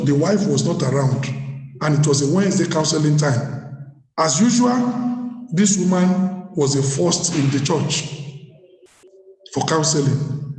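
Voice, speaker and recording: A man's voice: on the high side, darkish tone. A man preaching a sermon as a pastor, telling a story and repeating phrases for emphasis. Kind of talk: sermon at leadership workshop. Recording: echoey hall.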